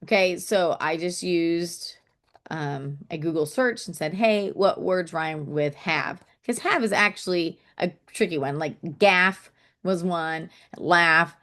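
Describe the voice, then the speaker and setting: A woman's voice: lowish voice, takes it slowly, fairly bright tone. A woman teaching a casual online poetry lesson, chatty and thinking aloud, saying "okay" often and tapping out syllables and stresses.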